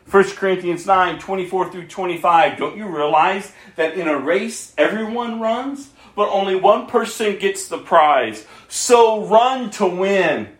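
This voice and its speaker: A male pastor preaching with a fairly high voice, earnest and warm, often chuckling between points. He reads scripture aloud to his church. The sound rings in a reverberant room. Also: expressive, unhurried, few pauses. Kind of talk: sermon.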